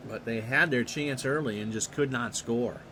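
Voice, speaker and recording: A man streaming a simulated ballgame, giving relaxed play-by-play between musing chat asides and livening up on big plays. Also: mid-range voice, moderate pace, a little hiss or hum.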